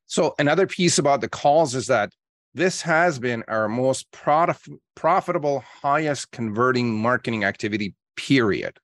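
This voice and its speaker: A man being interviewed on a podcast as a marketing coach, explaining his ideas with lively quoted examples. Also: mid-range voice, normal speed, no room sound. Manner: energetic storyteller acting out calls in quotes.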